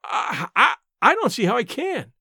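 A man's voice: high voice, sing-song, fairly quick, a bit bright, dry recording, clean studio sound, heavily acted. A man doing a sullen, flustered young woman. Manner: sullen and faltering.

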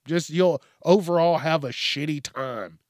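A man hosting a casual comedic news show, ranting in a profane, animated way. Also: on the high side, a little slow, no echo, clean studio sound. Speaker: show host.

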